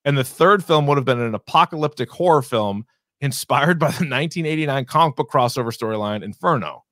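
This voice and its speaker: A man of middle pitch co-hosts a casual movie review podcast. He talks in loose, rambling runs, full of fillers, swearing and quick acted-out asides. His voice is close and dry, with no room sound. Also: expressive, fairly bright tone, no room sound. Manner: rambling, profane, many fillers and quoted asides. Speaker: podcast co-host.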